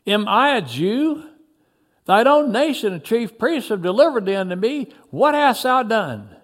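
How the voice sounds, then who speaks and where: A man voicing a stern Roman governor who questions a prisoner in slow, solemn, archaic speech. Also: high voice, huge pitch swings, heavily acted. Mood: stern, pleading.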